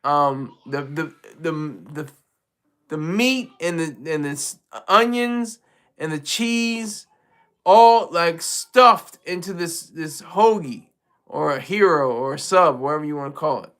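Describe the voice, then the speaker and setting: Live host, casual rambling chat, bright forceful tone, lots of restarts and laughs. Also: medium pitch, lively intonation, takes it slowly. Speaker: livestream host.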